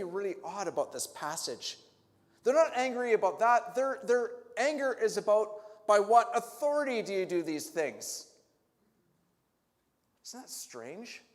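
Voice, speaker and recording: A man's voice: high voice, long reverb tail. A male pastor preaching a sermon, asking the congregation reflective questions and rising to emphatic peaks. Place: church sanctuary.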